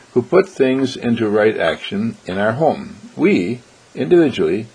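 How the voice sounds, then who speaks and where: On an inspirational radio program, a male host speaks in an earnest, preacherly way, acting out everyday exchanges to make his points. His mid-range voice is husky and darkish with vocal fry, and the audio is poor.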